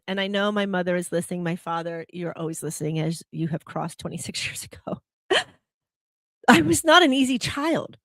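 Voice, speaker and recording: A woman's voice: a little high, dry recording, clean studio sound. A woman hosting a reflective spiritual talk show, who often puts rhetorical questions to the listener. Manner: animated, laughing when telling about herself. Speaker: podcast host.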